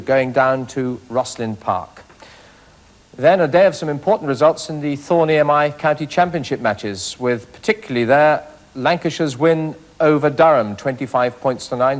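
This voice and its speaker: A middle-aged man presenting a rugby results programme in a brisk, clipped broadcast manner. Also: medium pitch. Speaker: studio presenter.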